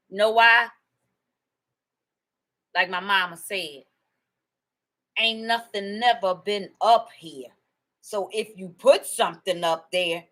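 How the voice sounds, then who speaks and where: A woman in a casual, rambling monologue to her viewers, animated and emphatic, often repeating herself. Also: a little high, poor audio. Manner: animated and excitable, laughing and emphatic; rambling storytelling with repetition. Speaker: video host.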